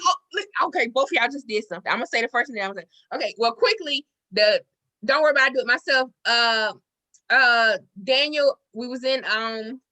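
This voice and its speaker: A woman hosting a podcast, telling stories in casual chat, animated, swearing freely and breaking into loud outbursts. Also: a little high. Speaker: podcast host.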